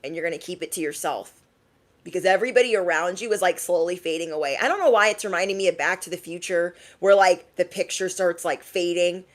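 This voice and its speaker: A woman tarot reader giving a casual message to her viewers, chatty and animated, often laughing and repeating lines for emphasis. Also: lowish voice, brisk. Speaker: tarot reader and motivational YouTuber.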